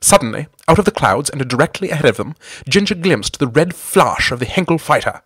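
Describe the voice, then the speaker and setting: A man narrating a comic adventure story in a wry, deadpan storybook manner. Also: a little high, brisk, husky, no echo, studio quality.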